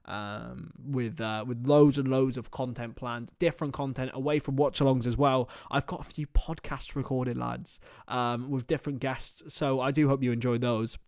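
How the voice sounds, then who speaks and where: A man's voice: medium pitch, steady tone, moderate pace, hardly any pauses, a little mellow, dry recording, studio quality. A young man hosting a casual football watchalong stream, joking and chatting to viewers as lads. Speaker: livestream host.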